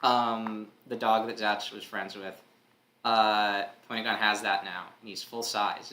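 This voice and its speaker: A chatty man hosts a live comic read-along in a casual tone. His voice is bright and a little sharp, with loose fillers and easy laughs between remarks. The recording has a noticeable room echo. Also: on the low side, a little hiss or hum. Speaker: host reading a comic live.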